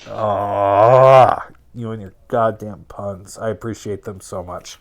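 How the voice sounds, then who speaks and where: A man hosting a stream, casually retelling plots in a sarcastic, rambling way with quick quoted asides. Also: lowish voice, fairly even intonation. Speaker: streamer host. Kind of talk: casual chat.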